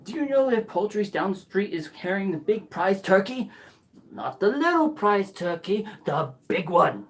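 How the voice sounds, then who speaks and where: A woman's voice: mid-range voice, very animated, measured pace. A woman voicing old Scrooge on a joyful morning, stammering with glee in a live storytelling. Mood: eager. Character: old male miser, newly giddy and kind.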